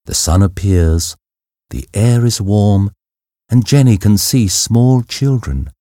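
A man reading a simple story aloud as a narrator, slow and clear. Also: lowish voice, animated, warm tone, dry recording. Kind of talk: scripted narration of a graded reader.

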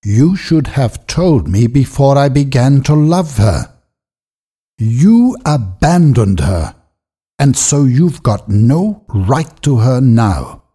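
A man voicing a poor, devoted older weaver in a storybook reading, speaking quietly and with feeling. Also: mid-range voice, very animated, takes it slowly, slightly rough, pitched above the performer's own voice, heavily acted. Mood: pained. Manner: quiet, emotional.

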